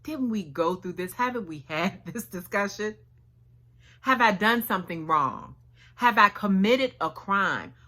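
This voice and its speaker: A woman's voice: mid-range voice, lively intonation, unhurried, pushed and bright. Woman voicing David, an earnest pleading young warrior. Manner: pleading questions in casual slang.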